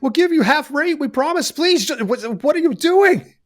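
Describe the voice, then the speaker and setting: A man voicing frightened elf parents who beg and plead in a shrill, panicked way. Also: expressive, normal speed. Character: terrified elf parents pleading for their lives.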